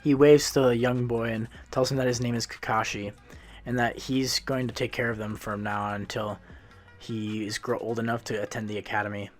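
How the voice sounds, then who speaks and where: A man's voice: medium pitch, little pitch movement, brisk, soft background music. A man casually narrating a fan-made story, retelling it loosely with frequent restarts and self-corrections.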